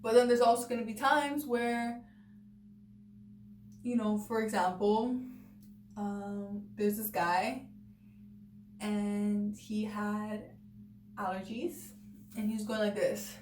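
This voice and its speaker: A woman's voice: medium pitch, steady tone, takes it slowly, pauses often, darkish tone. A young woman telling a personal story to camera in a chatty way, filling her talk with "like" and "you know" and acting out what people said. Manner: chatty, full of "like" and "you know", acts out quotes. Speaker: vlogger. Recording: echoey room, mic at a distance, faint noise.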